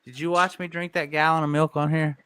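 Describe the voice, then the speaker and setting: A man's voice: a little high, level tone, fairly quick, pushed and bright, clear, resonant tone, no room sound, studio quality. A man hosting a casual live stream, rambling and losing his train of thought. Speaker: stream host. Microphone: streaming setup.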